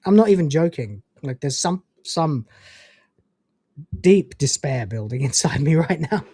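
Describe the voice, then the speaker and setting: A man's voice: a little high, expressive, measured pace, dark tone, husky, dry recording. A man hosting a casual livestream, ranting in a profane, incredulous way and reading out donations. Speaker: livestream host.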